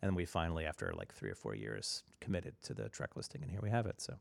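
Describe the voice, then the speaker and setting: A man co-hosting a radio show, chatting casually about records in a rambling way full of fillers, often trailing off quietly. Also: a bass voice, very animated, fast, gravelly, no echo, studio quality. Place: radio studio.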